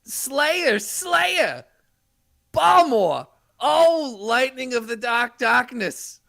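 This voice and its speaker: A man hamming up Dark Schneider, arrogant sorcerer. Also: extremely high pitch, big pitch swings, vocal fry, pitched above the performer's own voice, full character voice. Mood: gloating. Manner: boastful, menacing, drawn-out shouted spells. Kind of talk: comedic podcast anime dub parody.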